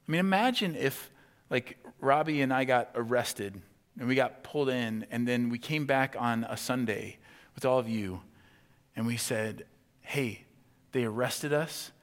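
A male pastor delivers a sermon at a middle pitch in a church hall. He moves from calm explanation to loud, animated acted-out reactions. A long hall reverb trails every phrase. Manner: animated, acts out imagined indignant reactions in a raised voice.

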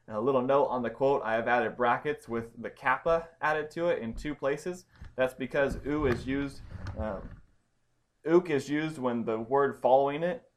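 A man with a mid-range voice teaches a Bible study lesson. He explains Greek grammar step by step, with frequent ums and restarts.

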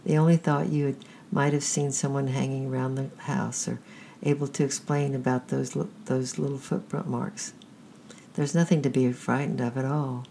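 A storyteller reading the lines of a kind grown man who speaks gently and reassuringly, in a creaky, husky voice. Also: mid-range voice, little pitch movement, normal speed, slight background noise, natural voice.

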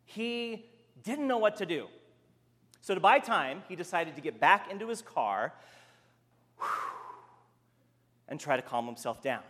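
Male preacher, story-driven sermon, lively pitch, large reverberant hall. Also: takes it slowly, long pauses. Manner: animated storytelling, voicing the characters.

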